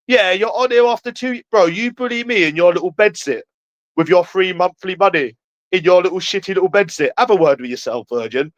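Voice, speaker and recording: A man's voice: high voice, expressive, a little fast, dry recording. A man with a London accent in a heated livestream rant, taunting and repeating himself. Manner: taunting, repetitive, jeering.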